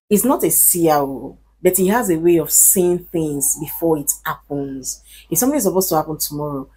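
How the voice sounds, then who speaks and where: Female vlogger, lower pitch, husky; earnest, emphatic advice to camera. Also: dark tone. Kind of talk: casual advice talk to camera.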